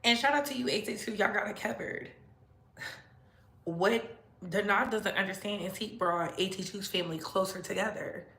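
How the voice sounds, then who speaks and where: A woman's voice: moderate pace, vocal fry, echoey room. A woman hosting a casual livestream, talking with sass and frequent laughter. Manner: sassy, laughs often, animated swings in pitch. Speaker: commentary channel host.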